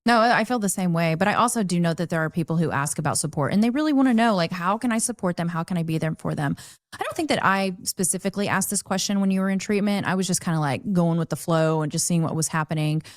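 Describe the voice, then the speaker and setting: A woman with a fairly low voice talks as a podcast co-host, animated and openly exasperated, and she laughs easily. The recording is dry and close, with no room echo. Her pitch climbs when she gets worked up. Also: quick pace, hardly any pauses. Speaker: podcast co-host, spouse of a man in recovery. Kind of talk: conversational podcast talk.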